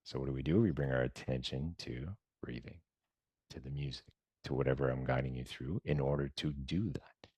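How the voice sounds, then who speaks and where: A man leading a meditation lesson in a relaxed, chatty way, often dropping to soft murmurs and mumbling. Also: extremely low pitch, brisk, husky, no room sound. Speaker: meditation guide. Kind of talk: casual guided-meditation talk.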